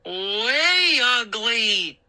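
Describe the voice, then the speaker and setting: A woman's voice: sits high, slow pace, sharp tone, voice pushed up, exaggerated voice. A woman voicing a boisterous, teasing boy in a storybook reading. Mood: rowdy. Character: chubby rowdy boy, loud show-off.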